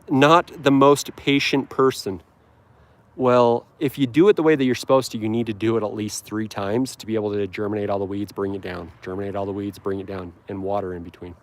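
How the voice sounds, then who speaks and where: A man's voice: lowish voice, darkish tone, no room sound. Rambling man chatting on a live stream. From Utah. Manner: rambling, upbeat, frequent ums and restarts. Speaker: lawn care livestreamer. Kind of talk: casual live stream chat. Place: outdoors on his lawn. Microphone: handheld phone camera.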